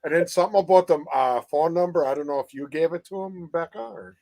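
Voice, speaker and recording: A man joins a casual chat as a guest, agreeable and quick to back others up. His voice sits a little higher than most men's. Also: gravelly, darkish tone. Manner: agreeable, keeps saying yeah.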